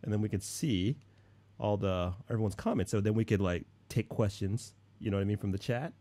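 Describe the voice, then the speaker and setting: A man's voice: fairly low pitch, brisk, warm tone. A man hosting a casual livestream chat, laid-back, repeating himself and saying dude a lot. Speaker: livestream host.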